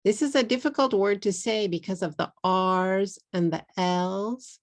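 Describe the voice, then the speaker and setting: Slow, gravelly Texan woman teaching English. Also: medium pitch. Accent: Texas. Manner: slow, drawn-out model words, repeated for learners. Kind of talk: pronunciation lesson.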